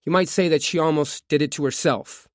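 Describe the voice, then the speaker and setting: A man narrating a true crime audiobook, reading a confession in a measured first-person voice. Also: fairly high pitch, fairly even intonation, no room sound, studio quality.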